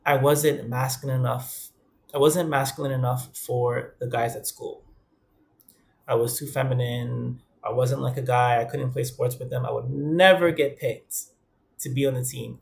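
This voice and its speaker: Gravelly-voiced young man from the Bronx. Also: medium pitch. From the Bronx, New York. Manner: earnest, conversational, quotes others in dialogue. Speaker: vlogger. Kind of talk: candid personal talk to camera.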